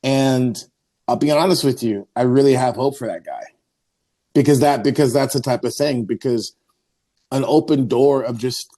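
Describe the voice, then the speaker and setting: A mellow, mid-range male voice at normal speed: an Orthodox priest who hosts a podcast, telling a rambling story in casual chat. He fills it with fillers and acts out the voices of people he quotes.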